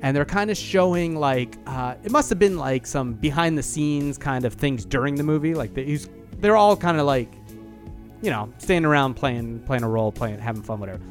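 A man hosting a casual sports podcast, telling stories with lively energy and mimicking voices. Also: mid-range voice, fairly quick, faint music behind. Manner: animated storytelling, mimics voices. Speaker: podcast host.

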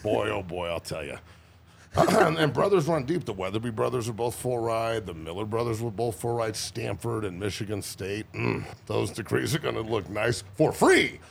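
A man's voice: fairly low pitch, lively intonation, normal speed, creaky, a little hiss or hum. A man in his forties, a former football player guesting on a podcast, telling boisterous, profane stories with lots of laughter. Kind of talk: casual chat.

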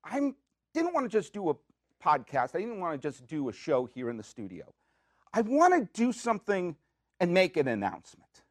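High-voiced, animated man joking around. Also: normal speed, dry recording, clean studio sound. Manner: animated, jokey, with playful rants and self-asked questions. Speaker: podcast host. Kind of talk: comedic monologue. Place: studio.

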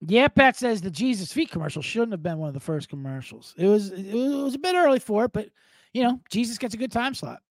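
Animated, high-voiced male podcast host. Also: fast talker, no echo. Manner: profane, jokey, animated rambling. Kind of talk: casual solo podcast monologue. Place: at home.

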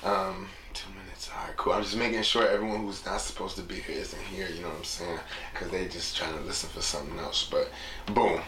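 A man's voice: deep voice, fairly even intonation, brisk, a bit bright, echoey room, slight background noise. A young man hosting a casual solo podcast, talking in a loose, rambling, reflective way and leaning on repeated catchphrases. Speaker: podcast host.

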